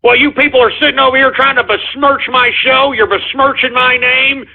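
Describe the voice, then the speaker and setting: A man's voice: very high-pitched, little pitch movement, fairly quick, creaky, breathy edge. A man hosting a call-in radio show, ranting irritably and swearing at his callers. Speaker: radio host taking voicemail calls. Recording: tinny phone-like radio audio.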